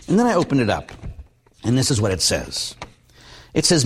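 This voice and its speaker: A middle-aged man preaching as a Catholic priest, mixing plain talk with stories. His delivery is animated, and he acts out quoted lines with sudden big jumps in pitch. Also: fast. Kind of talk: storytelling sermon.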